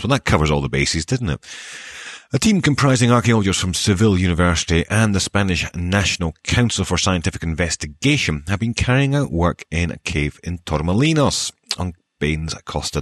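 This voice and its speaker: A man with a soft Scottish accent hosting a show, reading archaeology news and dedications with wry, dry joking asides. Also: sits low, dry recording. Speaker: podcast host.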